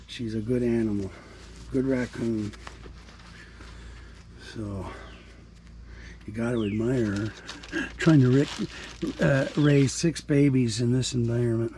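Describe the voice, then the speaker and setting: A man talks through a loose, rambling vlog, drifting from topic to topic with casual swearing and self-deprecating asides. His voice sits at an ordinary middle pitch. A faint hum of background noise runs under the recording. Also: steady tone, slow, pauses often, dark tone. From Canada. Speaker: vlogger. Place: home and yard with animals, partly outdoors.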